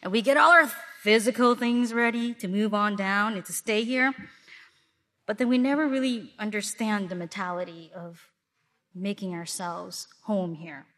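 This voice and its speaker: A woman from Milwaukee giving a sermon to a congregation, telling stories in a lively way and acting out what people say. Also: mid-range voice, normal speed. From Milwaukee, Wisconsin. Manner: lively storytelling with acted-out asides. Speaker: congregation speaker.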